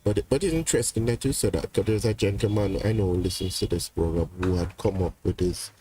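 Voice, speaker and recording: A man's voice: fairly low pitch, fast talker, warm tone. A man, a pastor, chatting easily and joking on a radio talk show. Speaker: pastor and co-host. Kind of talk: casual talk show discussion. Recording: faint background noise.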